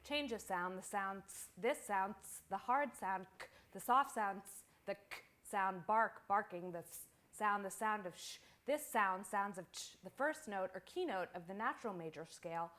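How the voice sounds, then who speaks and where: A woman poet reads her work aloud at a small live venue. Her delivery is measured and incantatory, setting out phrase after phrase like a chanted list, in a voice of middling pitch. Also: animated, a bit bright. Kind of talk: poetry reading.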